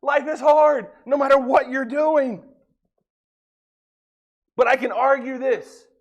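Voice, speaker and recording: A pastor preaching a folksy sermon, joking with the congregation and acting out little dialogues. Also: male voice, very high-pitched, fairly even intonation, slow, lo-fi sound.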